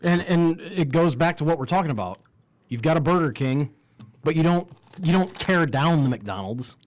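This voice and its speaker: A man's voice: on the high side, animated, normal speed. Opinionated man in casual podcast chat. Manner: opinionated, argumentative, swears freely. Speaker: podcast co-host.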